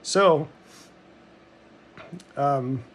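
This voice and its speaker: A man's voice: mid-range voice, very slow. Rambling, reflective man telling a story. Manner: rambling and reflective, with many "um"s and restarts. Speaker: channel host telling a personal story. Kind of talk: casual reflective monologue.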